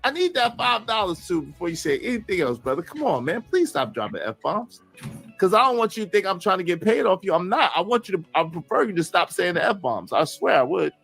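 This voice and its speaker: A man's voice: high voice, big pitch swings, a little fast, vocal fry, fairly bright tone, husky, soft background music. A man hosting a live panel, exasperated and pleading in casual chat.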